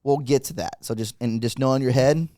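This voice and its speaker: A relaxed man hosts a casual podcast chat, with a mellow, warm tone. His voice is dry and close, with no room echo. He laughs easily and keeps nudging his guest with questions. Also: medium pitch, brisk. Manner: easygoing, laughs often, asks questions. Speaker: podcast host.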